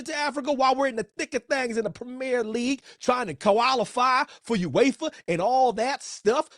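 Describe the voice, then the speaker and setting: A man hosting a solo football podcast. He talks in an animated, playful way, using slang and rhetorical questions. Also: very high voice, no echo, clean studio sound. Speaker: podcast host.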